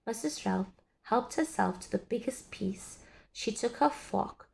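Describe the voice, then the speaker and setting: A woman reading a children's story aloud in an expressive, sing-song way. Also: on the high side, measured pace, vocal fry. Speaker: storybook reader.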